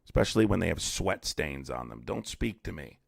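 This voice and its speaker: A man's voice: low-pitched, expressive, brisk, gravelly, slightly rough, no echo. A man streaming a heated debate, blunt and profane, arguing with callers and reading chat aloud.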